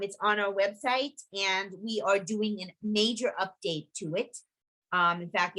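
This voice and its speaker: A woman's voice: fairly low pitch, a bit bright, rough recording. A middle-aged woman with a New York accent, giving a chatty, filler-filled talk over a video call as a historical society presenter. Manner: chatty, full of fillers and restarts.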